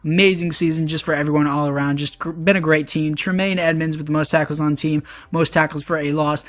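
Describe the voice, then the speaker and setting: Young man, casual game commentary, chatty, upbeat, slightly high voice, dry close mic. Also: fairly even intonation, fast talker, fairly bright tone, dry recording. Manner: chatty, upbeat, addresses viewers as boys. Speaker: gaming YouTuber.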